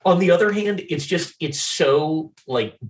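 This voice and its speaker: A man's voice: a little high, measured pace, far from the mic. Laid-back man, slightly off-mic. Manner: laid-back, laughs easily, swears casually. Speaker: podcast co-host. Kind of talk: casual gaming chat.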